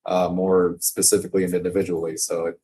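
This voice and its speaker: A man's voice: low-pitched, completely flat delivery, fast, dark tone, a little hiss or hum. A man telling a story casually to the camera, rambling off topic and swearing freely. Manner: rambling and digressive, profane, with frequent fillers. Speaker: vlogger.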